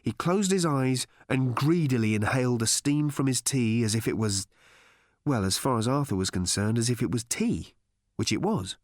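A man reading an audiobook aloud as narrator, in a wry, measured storytelling manner, recorded in a studio. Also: mid-range voice, animated, dry recording. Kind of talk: scripted narration.

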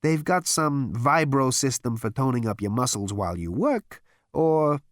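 A man voicing a brash, excitable male ex-president of the galaxy, loud, jumpy and wisecracking. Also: mid-range voice, unhurried, no room sound, studio quality, natural voice. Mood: excited alarm.

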